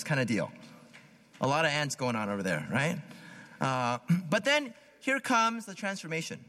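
A man's voice: fairly high pitch, sing-song, normal speed, bright, forceful tone. A man preaching a sermon in a casual, conversational way, often repeating words and asking "right?". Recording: long hall reverb.

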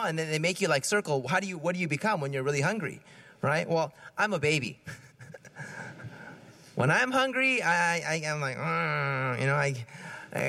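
Speaking in a slightly high, sharp voice, a preacher gives a homily in a conversational style. He questions his listeners and frequently repeats himself along the way.

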